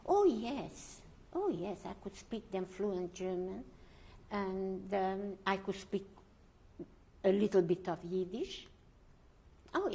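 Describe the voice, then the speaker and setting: Older woman, English, slow deliberate testimony, halting, hunts for words. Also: mid-range voice, a little mellow. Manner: slow, searching for words, pauses and restarts. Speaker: Holocaust survivor interviewee. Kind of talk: oral history testimony.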